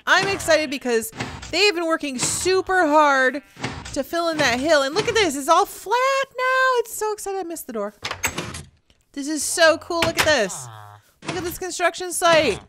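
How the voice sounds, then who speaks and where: An excitable woman narrates her gameplay in a high voice that leaps all over the place. She gushes at characters and creatures on screen. A steady hiss of noise sits under the recording. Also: moderate pace. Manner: bubbly, excitable, chats to game characters and animals. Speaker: let's play host. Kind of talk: casual gameplay commentary.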